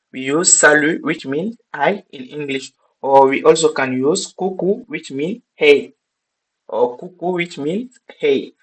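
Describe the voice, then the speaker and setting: A native French speaker from Burkina Faso, with a Burkinabe French accent, teaches an online lesson, repeating each phrase slowly and checking in with "okay?" His voice is on the high side and slightly rough, and the recording quality is rough.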